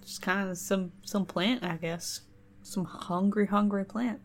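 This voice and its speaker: A woman's voice: medium pitch, fairly even intonation, a little slow, a little hiss or hum. A woman reading a folk tale aloud and breaking off into joking asides. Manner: joking digressions, trailing off. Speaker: storyteller host. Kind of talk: casual storytelling with asides.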